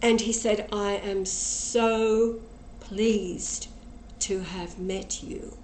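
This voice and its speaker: A woman tells a personal story at a slow, deliberate pace, acting out each person's words as she goes. Her voice is emotional and earnest. The recording sounds roomy and echoey, with a faint hum of ambience behind her. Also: mid-range voice, steady tone, a little mellow. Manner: slow, emotional retelling with quoted dialogue.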